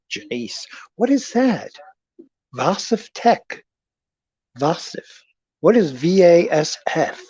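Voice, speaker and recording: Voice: mid-range voice, darkish tone, slightly rough, no echo, dull audio. A live-stream host chatting in a rambling way with viewers in the chat, often stammering and repeating words while talking about selling a movie collection. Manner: talks directly to viewers in the chat.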